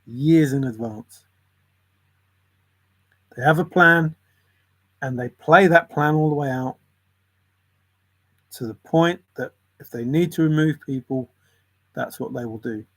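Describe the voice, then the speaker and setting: A man's voice: fairly high pitch, unhurried, pauses often, fairly bright tone. A man in a casual, rambling monologue, musing in a conspiratorial tone and often chuckling. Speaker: channel host.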